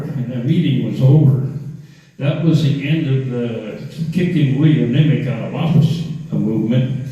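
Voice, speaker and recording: A man's voice: fairly high pitch, mellow. An older man from Alaska with a rural Alaskan accent, a former assemblyman telling a story in a rambling, folksy way full of restarts and fillers. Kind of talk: casual storytelling monologue. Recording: echoey, muffled room sound.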